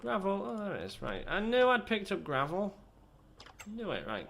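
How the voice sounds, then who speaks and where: Rambling British man with a lively voice. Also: sits high, normal speed, gravelly, slight background noise. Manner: rambling, self-deprecating chatter. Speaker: gaming channel host. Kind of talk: let's play commentary.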